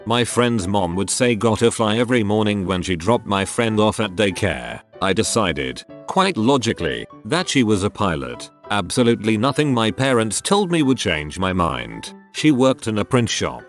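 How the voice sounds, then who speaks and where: A man's voice: lowish voice, big pitch swings, moderate pace, hardly any pauses, soft background music. A man reading posts aloud as scripted narration, voicing the text very literally.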